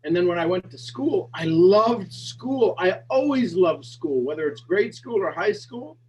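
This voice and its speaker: A man's voice: high-pitched, expressive, unhurried, darkish tone. A man hosting a group call, chatting casually, often laughing and at times getting emotional. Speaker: host. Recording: dull lo-fi call audio with faint hum.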